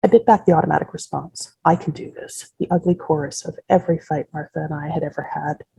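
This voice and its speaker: An author reading her first-person novel aloud in a measured, unhurried way. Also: deep voice, fairly even intonation, creaky, dark tone, breathy edge, no echo, highs cut off.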